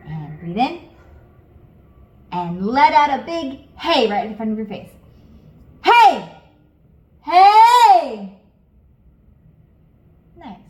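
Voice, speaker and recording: A woman singing teacher coaching beginners step by step in a calm, encouraging way. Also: medium pitch, reverberant, poor audio. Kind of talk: guided vocal lesson.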